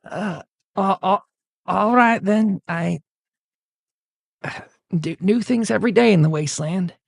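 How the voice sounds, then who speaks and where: A man's voice: extremely high pitch, very animated, very slow, vocal fry, fairly bright tone, dry recording, clean studio sound, pitched above the performer's own voice, heavily acted. A man voicing a nervous, easily startled wasteland man who stammers and hesitates.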